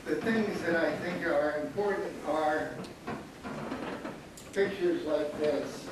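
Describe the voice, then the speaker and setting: A man's voice: on the high side, slow pace. A man in his seventies, a panelist and former student photographer, telling anecdotes wryly with frequent chuckles. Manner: wry, anecdotal, chuckling often. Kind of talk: storytelling at a panel talk. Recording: echoey hall, distant mic, audible noise.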